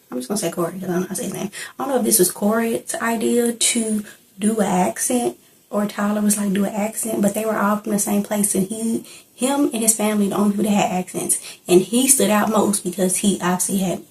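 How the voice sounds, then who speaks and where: A woman's voice: medium pitch, a little mellow, poor audio. A young woman chatting casually in a reaction vlog, rambling and laughing as she reviews a film. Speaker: movie reviewer.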